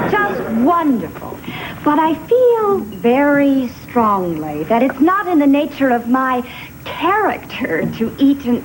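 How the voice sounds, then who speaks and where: An actress playing a haughty, demanding female soap star in a sitcom. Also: a little high. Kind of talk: sitcom acting. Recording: hissy TV audio.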